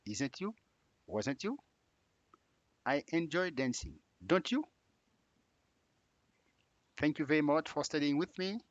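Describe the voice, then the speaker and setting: A man teaching an English grammar lesson, reading example sentences slowly and stretching the question tags upward. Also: a little high, big pitch swings, no room sound, dull audio. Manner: drills example sentences with exaggerated rising tags. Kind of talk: slow spoken grammar lesson.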